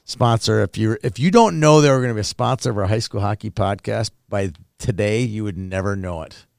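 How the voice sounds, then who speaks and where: A man's voice: on the low side, a little fast, gravelly, darkish tone, dry recording, studio quality. A man hosting a podcast in casual chat, teasing his co-host and working in sponsor plugs conversationally.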